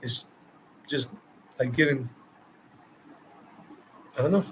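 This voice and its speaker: Speaking slowly in a mid-range, slightly bright voice, an American travel vlogger takes viewer questions live. The low-quality recording carries slight background noise, and his delivery is emphatic, with phrases repeated for emphasis.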